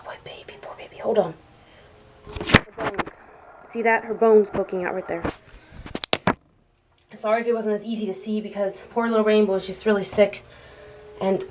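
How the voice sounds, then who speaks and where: A woman filming her sick pet bird at home on a handheld camera, close to tears, talking in a halting, tender way with sighs and restarts. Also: mid-range voice, darkish tone. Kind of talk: emotional home video complaint.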